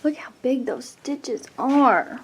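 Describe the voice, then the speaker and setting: Woman, very high voice, slow cooing baby talk; faint background noise. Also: expressive. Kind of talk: casual home video.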